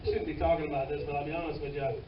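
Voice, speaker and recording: A man with a Southern US accent doing a crude stand-up comedy set on a comedy club stage, drawling his punchlines loudly. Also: fairly high pitch, little pitch movement, racing, very noisy. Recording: distant, roomy, dull club recording.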